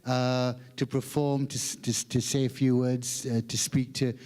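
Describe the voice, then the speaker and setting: A man's voice: mid-range voice, little pitch movement, moderate pace, darkish tone. A middle-aged Malaysian man with a Malaysian accent, telling a self-mocking stand-up story on stage and mimicking voices. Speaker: comedian, guest performer. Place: large hall on stage. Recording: long hall reverb.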